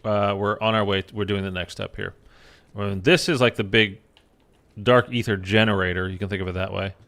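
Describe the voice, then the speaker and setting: A male gaming YouTuber chats loosely over his gameplay, rambling and leaning on fillers. His voice is fairly low and gravelly, with a bright, forceful edge. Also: fairly even intonation, normal speed. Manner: rambling, filler-heavy, chatty. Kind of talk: casual gameplay commentary.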